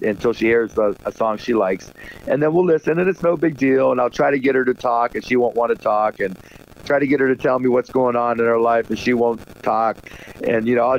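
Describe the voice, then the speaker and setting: A middle-aged man as a radio guest, telling stories in a lively, animated way and acting out quotes. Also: medium pitch, gravelly. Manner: animated storyteller, acts out quotes, laughs often. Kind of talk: casual interview chat. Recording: dull lo-fi sound.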